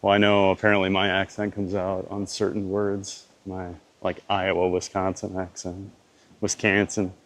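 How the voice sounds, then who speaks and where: Low-voiced Louisiana man live-streaming. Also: normal speed, few pauses, slight background noise. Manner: relaxed, greets chat viewers by name. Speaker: theme park live-streamer. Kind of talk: live-stream chat reading. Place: outdoors at a theme park.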